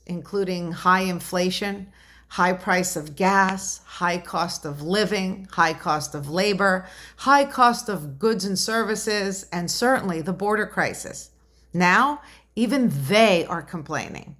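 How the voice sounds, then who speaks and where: A woman's voice: medium pitch, expressive, slow, fairly bright tone. A woman delivering a political commentary monologue to her viewers, indignant and rhetorical, with emphatic repeated questions. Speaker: commentary vlogger.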